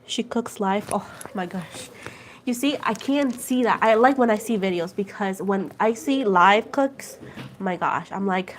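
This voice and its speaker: A woman's voice: medium pitch, measured pace, a little hiss or hum. A woman hosting a casual tarot livestream, chatting with viewers and going over each point twice. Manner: chatty, animated storytelling, repeats points a second time for viewers; addresses viewers as "guys" and "girl".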